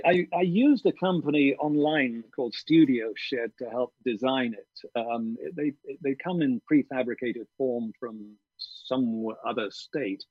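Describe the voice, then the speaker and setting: Speaking from a garden studio shed, a male audiobook narrator gives a video-call interview in a husky, breathy mid-range voice. His answers come slowly and thoughtfully, full of ums, pauses and fresh starts. There's no echo, and the sound is dry and lo-fi, much like a call connection.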